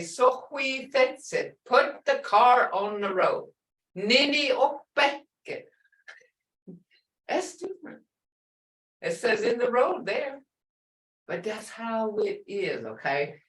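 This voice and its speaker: A woman's voice: fairly high pitch, fairly bright tone, echoey room, distant mic, rough recording. A woman language instructor teaching a class, playful, laughing often and repeating phrases.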